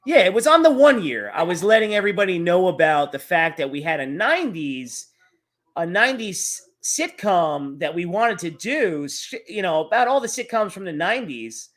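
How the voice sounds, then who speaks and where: A man's voice: sits high, sing-song, moderate pace, fairly bright tone. Guy hosting a live stream, casual rambly chat, swears a lot.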